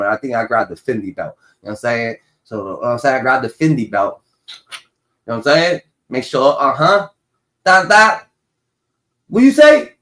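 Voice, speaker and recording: A man's voice: mid-range voice, a bit bright. A man hosting a livestream, chatting casually and acting out voices in comic stories, swearing freely. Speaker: livestream host. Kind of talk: casual chat with comic storytelling.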